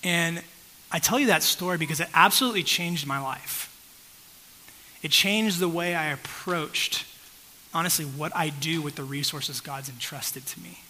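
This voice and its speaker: A man's voice: on the high side, moderate pace, bright, forceful tone, a little hiss or hum, rough recording. A pastor telling a personal story in a conversational sermon, often checking in with his listeners.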